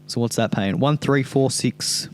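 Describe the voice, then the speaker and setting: A man's voice: mid-range voice, unhurried, faint music behind. Young Aussie male co-host, mid-range voice, laconic and dry in casual banter. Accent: Australian. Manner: laconic, mumbled agreement, dry humor. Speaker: podcast co-host. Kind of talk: casual chat.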